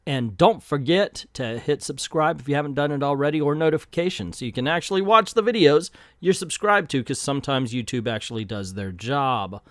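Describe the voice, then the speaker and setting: A man hosting a channel, giving a sarcastic, animated commentary review of a comic book. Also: on the high side, a little fast, hardly any pauses, no echo, clean studio sound.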